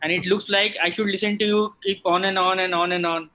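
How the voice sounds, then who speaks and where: A man thanks the speaker as a panelist at a medical workshop. His voice is high and bright, and he repeats phrases as he praises the talk. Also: level tone, fairly quick, rough recording.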